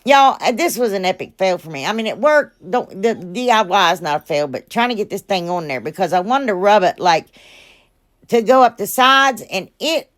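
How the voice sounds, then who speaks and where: A woman's voice: mid-range voice, lively intonation, normal speed. Chatty woman crafting on her vlog. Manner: chatty and rambling, talks to viewers as "y'all"; self-deprecating, laughs at her own mistakes. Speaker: craft channel host. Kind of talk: casual DIY crafting vlog.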